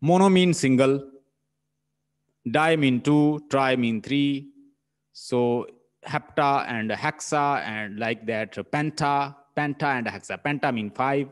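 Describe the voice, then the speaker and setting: A man with a Pakistani English accent and a medium-pitched voice teaches linguistics slowly in a classroom lecture. He repeats points and pronounces words one syllable at a time.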